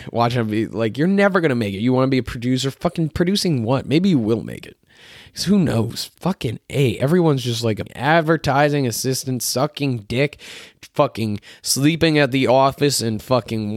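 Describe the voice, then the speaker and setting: A young man with a hoarse, tired voice rants into the mic, swearing freely and sounding fed up. He sits in the middle range for pitch. The recording is close and dry, with no room sound. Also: no echo. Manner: profane, frustrated ranting, mocking others in put-on voices. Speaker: solo podcast host. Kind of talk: ranting solo podcast monologue. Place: his bedroom.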